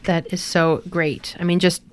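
Woman radio host, low smooth voice, flat delivery, lots of ums. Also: measured pace. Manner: hesitant, many fillers. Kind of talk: casual radio interview.

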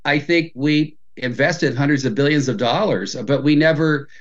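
A man's voice: fairly high pitch, moderate pace, highs cut off. An older American man, a university professor, answering radio interview questions in an emphatic, opinionated way, often restarting with stammers. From United States.

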